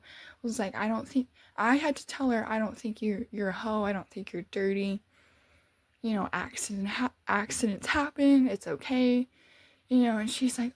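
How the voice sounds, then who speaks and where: Young woman storyteller, emotional and animated, bit high, dry close sound. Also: normal speed, dry recording. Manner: animated, emotional, laughing often. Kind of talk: storytime monologue.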